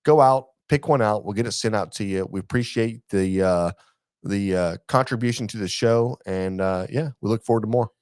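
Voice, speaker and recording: A man's voice: on the low side, moderate pace, a little mellow, no echo, clean studio sound. A man co-hosting a barbecue podcast, joking and laughing in casual chat. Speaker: podcast co-host.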